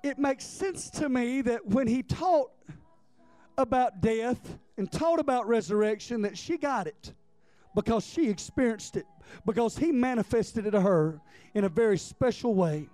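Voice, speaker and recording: A man preaching a sermon with passion, often repeating words and building up to near-shouts. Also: extremely high pitch, expressive, measured pace, dry recording, soft background music.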